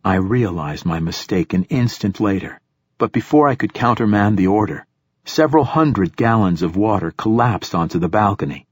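Husky low-voiced male audiobook narrator. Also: no echo, clean studio sound. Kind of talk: first-person audiobook narration.

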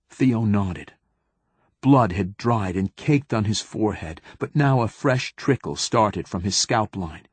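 A man narrating an audiobook in a steady, measured reading. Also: fairly low pitch, slightly rough, dry recording. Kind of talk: scripted narration.

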